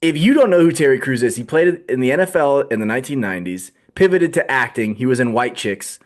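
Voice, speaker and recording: A man's voice: medium pitch, expressive, quick pace. A man co-hosting a podcast, chatting casually and joking with frequent laughs. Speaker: podcast co-host. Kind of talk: casual chat.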